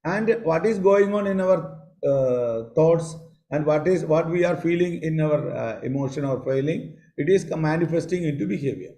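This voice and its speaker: A man teaching psychology on a video call, pausing often, repeating phrases and asking the class questions. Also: a little high, dark tone, rough recording. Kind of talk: online class lecture.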